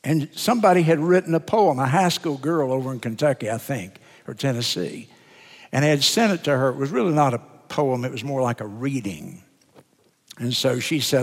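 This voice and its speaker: An older man, a pastor of many years, preaching a sermon in an earnest, deliberate way, drawing out words for emphasis. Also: mid-range voice, lively intonation. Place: church sanctuary. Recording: sermon in a reverberant church sanctuary.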